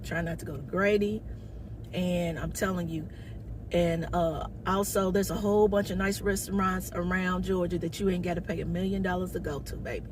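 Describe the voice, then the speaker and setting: A woman comedian telling a story to her viewers in a sassy, loud, casual way. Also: fairly low pitch, steady tone, normal speed, background noise. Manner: sassy, loud, calls viewers baby and honey.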